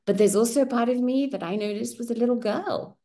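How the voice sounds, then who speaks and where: With a slightly high voice and a quick pace, a middle-aged woman whose native tongue is German hosts a women's circle, recounting a personal story candidly and expressively while frequently adding "right?".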